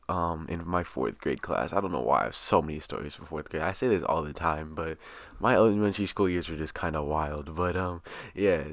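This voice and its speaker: Deep-voiced young man telling a story. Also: no echo. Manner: rambling, swears often, filler-heavy. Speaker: storytime vlogger. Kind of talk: casual storytime.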